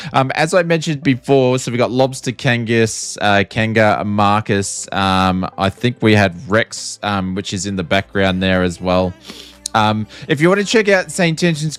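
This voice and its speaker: A man's voice: medium pitch, a bit bright. An Australian man hosting a flight sim stream, chatting casually with lots of ums and frequent laughs. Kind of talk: casual live-stream chat.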